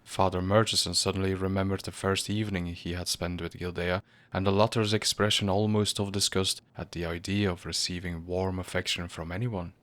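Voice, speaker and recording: A man with a low-pitched voice narrating a storybook reading. He keeps a measured, grave pace through the telling. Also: level tone, a bit bright.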